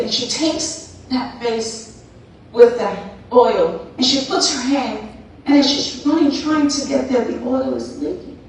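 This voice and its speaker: Slow-talking woman telling a story. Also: fairly high pitch, a little hiss or hum. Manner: playful, acts out characters, talks to the crowd. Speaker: speaker. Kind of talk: motivational storytelling talk. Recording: echoey hall, far from mic.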